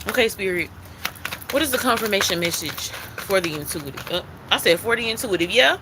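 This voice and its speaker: A woman's voice: on the high side, expressive, moderate pace, noisy background. A woman giving a spiritual tarot reading, emphatic and repetitive, who calls the listener baby and swears casually. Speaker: intuitive card reader.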